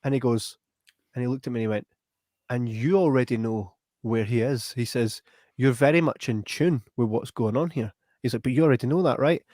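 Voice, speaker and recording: A young Scottish podcast host spins a long, rambling story in an animated, casual way, often tacking on "right?". His medium-pitched voice is brisk, recorded in a clean studio with no echo.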